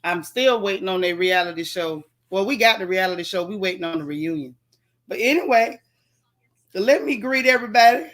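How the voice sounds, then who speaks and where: A woman hosts a casual live stream from home, tired and yawning but still chatty. Her voice has a bright, edgy tone. She greets each viewer by name in folksy slang. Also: mid-range voice, lively intonation, brisk. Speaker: livestream host.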